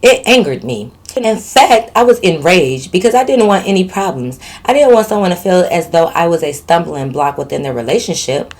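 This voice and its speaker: Woman vlogger, lowish voice, storytime reader with sassy teasing commentary. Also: sing-song, normal speed, hardly any pauses, a little mellow. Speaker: channel host. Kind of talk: reading a viewer's story aloud with commentary.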